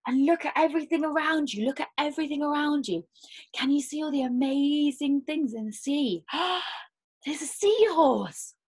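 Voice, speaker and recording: A woman storyteller leading children through playful movement games, with animated exclamations and gasps. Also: high-pitched, fairly quick.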